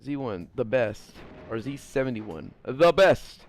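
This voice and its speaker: A man's voice: mid-range voice, very animated, unhurried. A young man giving casual let's-play commentary as a gaming streamer, joking, swearing and chatting with his viewers.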